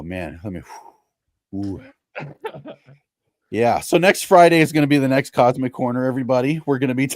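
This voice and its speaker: A man's voice: mid-range voice, dry recording. A man co-hosting a faith podcast, talking earnestly about upcoming episodes, with frequent fillers. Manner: earnest, thoughtful, with many fillers and laughs. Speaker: podcast co-host. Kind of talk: casual chat and show announcements.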